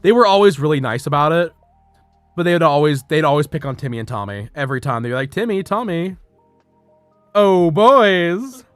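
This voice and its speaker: A man's voice: on the high side, quick pace, clean tone, dry recording, soft background music. A young man streaming, telling a work story in a rambling, profane way, with frequent laughs and restarts.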